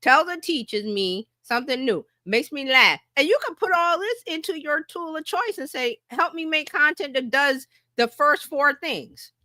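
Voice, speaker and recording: A middle-aged woman marketing coach giving a lively workshop presentation, talking breezily and filling gaps with a playful "da, da, da.". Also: high-pitched, moderate pace, hardly any pauses, no echo, clean studio sound.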